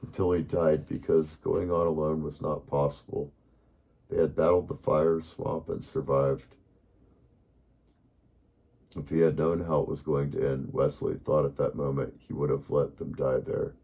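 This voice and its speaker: A man reading a bedtime story aloud in a calm, unhurried way, now and then correcting himself. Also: very deep voice, vocal fry, breathy edge.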